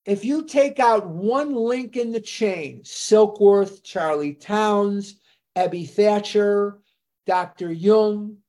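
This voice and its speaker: An older speaker tells the founding story of a recovery fellowship at a very unhurried pace. Dates and names come out one careful phrase at a time. The voice sits at a middling pitch. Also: warm tone. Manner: slow, deliberate, recounting dates and names. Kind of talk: storytelling history talk.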